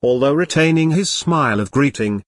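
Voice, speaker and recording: Computer-voice guy reading an audiobook, lively pitch, a bit husky, dry. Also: normal speed, dry recording. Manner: even, uninflected text-to-speech reading. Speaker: narrator. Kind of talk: synthetic audiobook narration.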